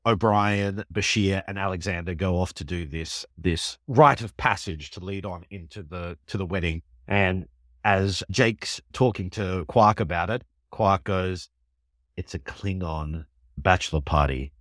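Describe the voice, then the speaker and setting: A man, co-hosting a podcast and recapping an episode in an enthusiastic, animated way. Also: sits low, measured pace, no room sound, studio quality. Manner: enthusiastic, animated storytelling with laughs. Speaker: podcast co-host. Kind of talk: casual chat recapping an episode.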